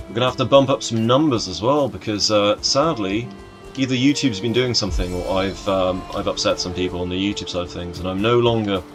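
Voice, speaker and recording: A young man chatting casually to his live chat as he streams a game, greeting viewers by name and joking around. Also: lowish voice.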